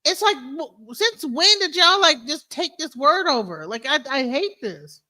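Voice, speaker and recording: A woman hosting a stream, reacting to clips in casual, animated and incredulous commentary that she speaks straight to her viewers. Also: high voice, a little slow. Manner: animated, incredulous, talks to viewers as "bro" and "y'all". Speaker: stream host.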